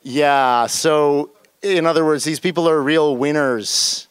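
A young man from northern New Jersey telling a personal story to an audience, jumping into higher voices for the people he quotes. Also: slow, smooth, dry recording. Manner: animated, leaps into high voices for quoted people.

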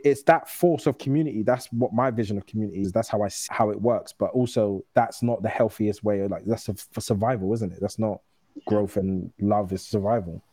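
A man in his thirties talks candidly as a guest and tells stories in an easy, conversational way. His voice is mellow and warm, sits in a middle register, and is recorded dry and close with no room sound. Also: medium pitch, no echo. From United Kingdom. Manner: candid, storytelling, quick restarts. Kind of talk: casual conversation.

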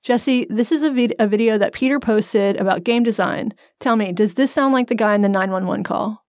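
A woman's voice: mid-range voice, fairly quick, darkish tone, dry recording. Wry woman podcast co-host, dry sound. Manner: wry, storytelling explainer. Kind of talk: casual chat.

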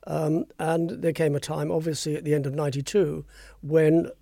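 Older male guest raconteur, slightly high voice, dry close sound, brisk storytelling. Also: little pitch movement, vocal fry, mellow, dry recording. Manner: brisk raconteur who acts out quoted voices. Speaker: guest, former royal press spokesman. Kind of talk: anecdotal interview storytelling.

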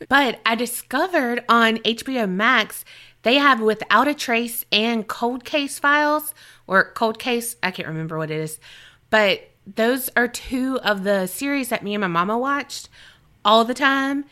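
Woman, podcast co-host, bright and forceful voice, somewhat high, teasing, quick to laugh. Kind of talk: casual chat.

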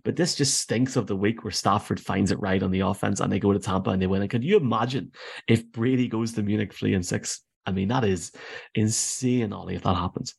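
A man's voice: fairly low pitch, vocal fry, darkish tone, slightly rough. A man hosting a casual sports podcast, upbeat and running the segments. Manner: rapid and upbeat, runs segments. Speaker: podcast host.

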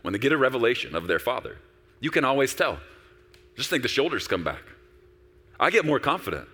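A man preaching a sermon as a pastor, animated and conversational, acting out quoted voices. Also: mid-range voice, brisk, pauses often, slightly rough, long reverb tail.

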